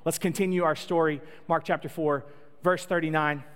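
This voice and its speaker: A man's voice: fairly high pitch, steady tone, normal speed, fairly bright tone, clear, resonant tone. A man preaching a sermon in a conversational, joking storytelling way. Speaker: pastor. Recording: long echo of a large hall.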